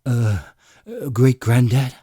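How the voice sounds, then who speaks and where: A man voices an evasive, flustered male alien adventurer in an audiobook reading, nervous and pleading in a hurry with a stream of stammered "uh"s. His delivery is exaggerated and pushed up, with a mid-range, sing-song, mellow and husky voice. The studio-quality recording has no room sound.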